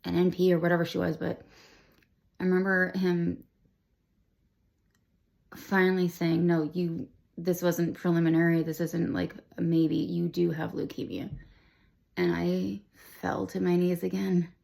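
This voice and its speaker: A woman in her twenties telling a personal story to the camera, rambling and emotional, with many restarts and a gravelly voice. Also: on the low side, little pitch movement, unhurried, pauses often, darkish tone. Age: 20s. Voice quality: gravelly vocal fry. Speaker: vlogger sharing her cancer diagnosis.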